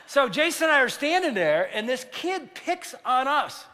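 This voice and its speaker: Older male pastor, lively storyteller, high bright voice, long hall reverb. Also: normal speed. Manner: animated, acts out quoted voices. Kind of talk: storytelling sermon. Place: large church hall.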